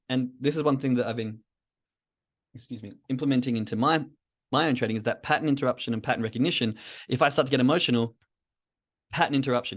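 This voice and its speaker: A man's voice: medium pitch, fast talker. A man hosting his own podcast, talking through ideas in a rambling, reflective solo monologue with asides to himself. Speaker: podcast host.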